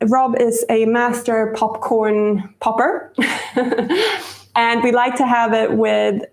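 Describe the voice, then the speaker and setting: A chatty woman hosts a live baking stream from a home kitchen, rambling and chuckling as she goes. Her voice sits a little high with a gravelly edge. The sound bounces around a roomy kitchen. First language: Swedish. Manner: chatty, rambling, laughs often. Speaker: cooking show host.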